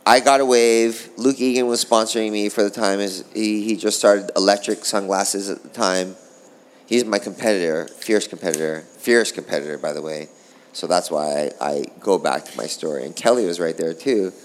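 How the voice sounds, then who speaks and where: A middle-aged former pro surfer rambles through stories in a casual interview, animated and profane. His voice sits low at a normal speed, with slight background noise.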